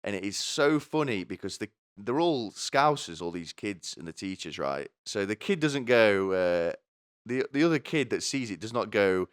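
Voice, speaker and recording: Young guy, low smooth voice, dry close mic; sarcastic comedic commentator who rambles and swears. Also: lively intonation, moderate pace, a bit bright, dry recording.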